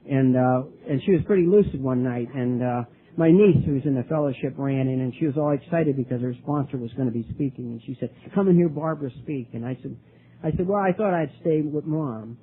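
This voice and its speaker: An older man speaking at a recovery meeting, telling his story earnestly, with many halting restarts. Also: mid-range voice. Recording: tinny lo-fi recording, faint hiss.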